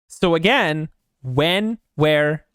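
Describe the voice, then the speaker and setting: A man recounts a story in an animated, casual stream chat, swearing freely and breaking into laughter. His voice is smooth and clear, pitched a bit higher than most men. The sound is close and dry. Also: drawn-out words, no room sound.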